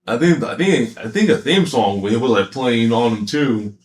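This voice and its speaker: A man's voice: medium pitch, lively intonation, measured pace, roomy sound. A man giving a casual, rambling anime commentary, slangy with many fillers and frequent laughter. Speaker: anime reviewer.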